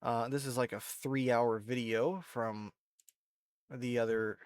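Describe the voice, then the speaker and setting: A man with a stuffy, nasal voice, thick with allergies, talks through a screen-recorded tutorial in a loose, rambling way. His pitch sits in a middling range. The sound is dry and close, with no room echo. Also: slow pace, smooth. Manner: rambling, relaxed, self-correcting. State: stuffy with allergies, sniffling and coughing. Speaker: video creator. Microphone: desk microphone.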